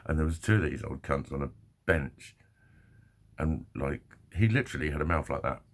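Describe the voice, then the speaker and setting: A man's voice: extremely low pitch, normal speed. A man telling a rambling personal story to camera, swearing often and laughing as he goes. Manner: swears freely, laughs often, animated retelling. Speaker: vlogger. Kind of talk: casual storytelling monologue.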